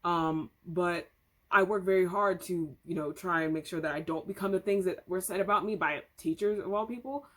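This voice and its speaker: A woman's voice: lowish voice, moderate pace, fairly bright tone. A woman vlogger at home retelling an online story in casual commentary, chatty, candid and opinionated. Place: home room.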